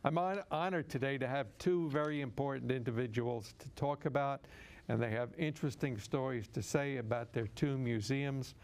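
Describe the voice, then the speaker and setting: Older man, gravelly TV host, halting delivery with fillers. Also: mid-range voice, a little mellow. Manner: halting, with many restarts and fillers. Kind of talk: public-access veterans talk show.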